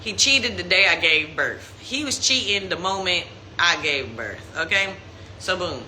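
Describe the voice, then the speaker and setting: A young woman tells a personal story in casual live-stream talk, acting out quotes in a mocking high voice. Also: animated, measured pace, pushed and bright, slight background noise. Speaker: Instagram live host. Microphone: phone.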